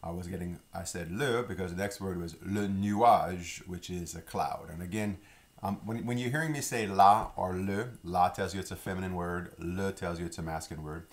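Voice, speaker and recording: A man's voice: low voice, normal speed. A middle-aged man from Louisiana teaching French vocabulary in a casual spoken lesson, patiently repeating words for learners to echo. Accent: Louisiana French speaker.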